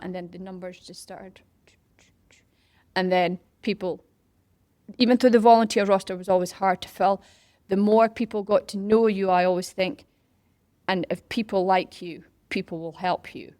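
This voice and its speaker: Middle-aged woman, interview guest, chatty storyteller, mid pitch, dry close sound. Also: moderate pace, no room sound. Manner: animated, acts out quoted voices and whispers for effect. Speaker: interview guest, parkrun organiser. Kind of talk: casual storytelling.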